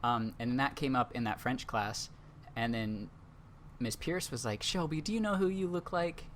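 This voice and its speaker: A young adult man hosts a laid-back podcast and tells a long anecdote in a loose, rambling way, full of fillers. His pitch sits mid-range for a man. A faint hiss sits under the recording. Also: moderate pace, fairly bright tone. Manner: rambling, filler-heavy storytelling. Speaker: podcast host. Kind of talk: casual storytelling chat.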